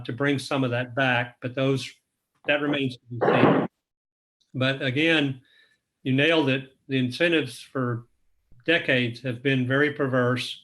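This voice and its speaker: Man explaining in measured tones. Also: medium pitch, a bit bright. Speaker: panelist. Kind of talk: online panel discussion.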